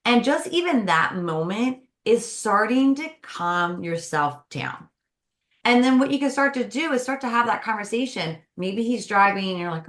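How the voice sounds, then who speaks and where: A woman speaks as a podcast guest, offering conversational advice on stress. She talks with lively energy and slips into acting out little everyday exchanges to make her points. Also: on the high side, moderate pace. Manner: lively, acts out everyday dialogue.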